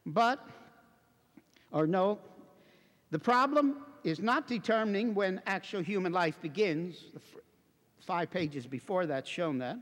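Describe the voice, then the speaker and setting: A man preaching a sermon to a congregation in an impassioned, emphatic way, building to forceful declamation. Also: high-pitched, lively intonation, a little slow, pauses often. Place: church before a congregation. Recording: long reverberant hall.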